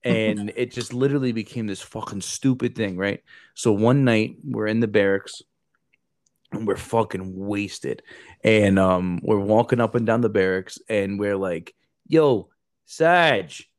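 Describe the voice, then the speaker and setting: Young male podcast host with a slightly low voice, animated storyteller who mimics others; dry, close recording. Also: a little slow, dry recording. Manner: animated, swearing, acts out quotes in raised voices. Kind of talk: casual storytelling.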